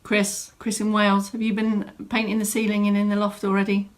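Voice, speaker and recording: A woman's voice: medium pitch, completely flat delivery, a little fast. A woman fitness instructor, chatting and greeting viewers by name at the start of a live online exercise class from a home room. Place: home room set up as studio.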